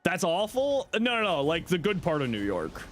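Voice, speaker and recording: A man's voice: sits high, normal speed, faint music behind. A man with a light Canadian accent from Southern Ontario, chatting casually with viewers on a game stream and reading their messages aloud. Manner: chatty, animated, reads and answers chat aloud.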